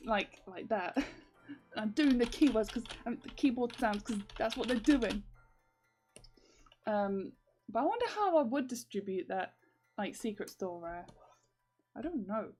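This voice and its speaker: A woman's voice: on the high side, expressive, a little slow, darkish tone, soft background music. A young woman in casual livestream chat, rambling with many fillers and laughing often as she works on her comics. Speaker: comic artist streaming.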